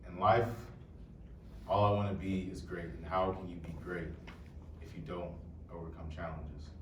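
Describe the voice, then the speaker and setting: A man's voice: low voice, level tone, normal speed, fairly bright tone, slight background noise. A young man presenting a talk to a live audience in a casual, joking way, speaking to the crowd directly. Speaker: poet and presenter. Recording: echoey room, voice heard from far off.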